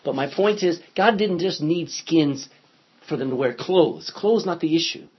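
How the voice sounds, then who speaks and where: A man's voice: on the high side, animated, measured pace, husky. A man teaching a Bible study class, reading scripture aloud and putting questions to his listeners. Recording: dull lo-fi sound.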